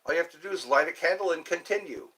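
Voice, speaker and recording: An older man hosting a live stream, chatting casually with viewers in a rambling, playful way and slowly sounding out their names. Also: on the high side, sharp tone, slightly rough, low-quality recording.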